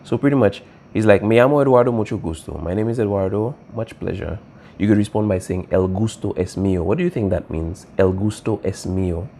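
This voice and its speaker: Guy teacher w a warm mellow voice, patient, keeps asking "all right?". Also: deep voice, brisk, vocal fry, a little hiss or hum. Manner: patient, repeats key points, asks "all right?" often. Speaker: Spanish teacher. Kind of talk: classroom explanation.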